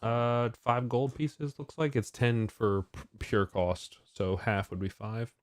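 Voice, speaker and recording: A man's voice: medium pitch, steady tone, slow, no echo, clean studio sound. A man playing a tabletop game, practical and working out trades aloud. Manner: practical, works things out aloud. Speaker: player.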